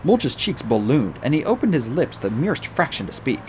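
A man reading a novel aloud as an audiobook narrator, with an animated, expressive delivery. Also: medium pitch, a little fast, slight background noise.

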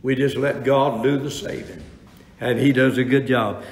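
A male pastor preaching in a roomy church hall, his voice carrying a long reverb tail. He tells stories in a folksy, halting way, full of restarts and fillers. When he reads scripture his delivery lifts into emphatic preaching. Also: medium pitch, steady tone. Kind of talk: sermon.

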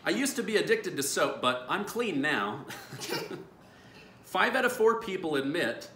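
A man's voice: high-pitched, big pitch swings, measured pace, sharp tone, roomy sound, slight background noise. A man hosting a family video, reading dad jokes aloud and laughing at his own punchlines. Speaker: YouTube host reading viewer dad jokes. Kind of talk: casual family vlog.

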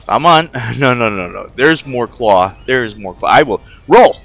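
A man giving excited, jokey commentary as he plays a video game, swearing, yelling and chanting through the fights. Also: medium pitch, slow pace, creaky, pauses often. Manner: loud, jokey, swears a lot, yells and chants during fights. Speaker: gaming streamer.

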